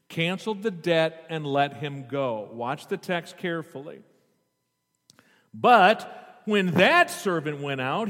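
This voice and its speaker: A man's voice: high-pitched, fairly bright tone. A man preaching a sermon. He reads scripture aloud, stops often to explain it and puts questions to the congregation. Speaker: pastor. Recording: long hall reverb.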